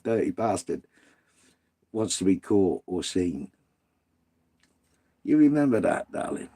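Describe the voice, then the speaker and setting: Gravelly-voiced blunt British man. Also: mid-range voice, warm tone. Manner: blunt, sweary, ranting. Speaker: livestream host reading viewer comments. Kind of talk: casual live chat.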